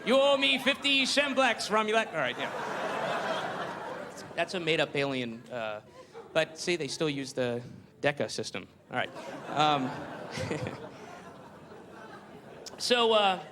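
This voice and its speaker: Man, stand-up comic, rambling, sarcastic, bright tone, faint hiss. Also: a little high. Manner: rambling, sarcastic, profane storytelling. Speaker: stand-up comedian. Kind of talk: stand-up routine.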